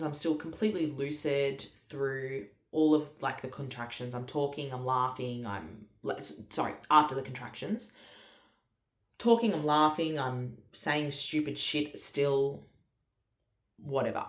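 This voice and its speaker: A woman's voice: very deep voice, reverberant. A woman, telling a story in a chatty, casual way with lots of fillers. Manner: chatty, many fillers and quoted dialogue. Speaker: vlogger.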